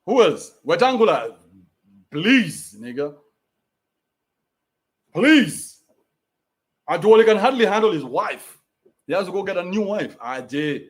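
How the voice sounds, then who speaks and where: A man's voice: high-pitched, very animated, normal speed. A young adult man with a Kenyan accent, ranting bluntly in a profane, mocking livestream. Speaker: commentator. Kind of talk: livestream rant.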